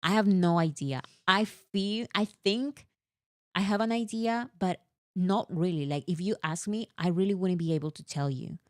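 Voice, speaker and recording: A woman co-hosting a casual fan chat, talking in an animated, exasperated way with lots of fillers. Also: fairly low pitch, moderate pace, dry recording, clean studio sound. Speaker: co-host.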